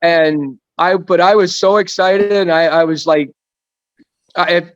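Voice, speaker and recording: A man's voice: high-pitched, fairly even intonation, unhurried, no echo. Rambling fifty-something man, dry muffled audio. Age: 50s. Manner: rambling, self-deprecating storyteller. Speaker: guest racing driver. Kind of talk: casual podcast chat.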